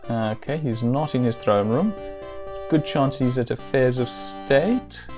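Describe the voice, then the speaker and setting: A man's voice: mid-range voice, slow, over music. A man streaming a video game, chatting casually and rambling with dry, self-amused jokes. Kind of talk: casual let's-play commentary.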